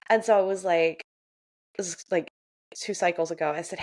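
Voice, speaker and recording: A woman's voice: fairly low pitch, fairly even intonation, moderate pace, darkish tone. A young adult woman from Central Florida, a podcast co-host, telling stories in casual chat, acting out quoted voices and laughing often.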